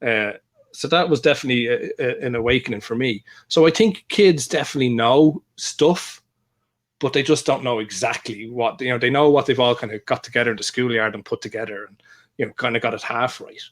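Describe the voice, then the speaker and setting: A man's voice: medium pitch, a little fast. Candid man telling rambling stories. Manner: rambling, candid storytelling with laughs and fillers. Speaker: podcast co-host. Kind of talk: casual chat.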